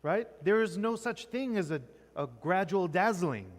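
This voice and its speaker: Long, echoing reverb fills this recording of a man teaching poetry in a church classroom. His high voice is lively and moderately paced as he keeps quizzing the class, finishing nearly each point with "right?"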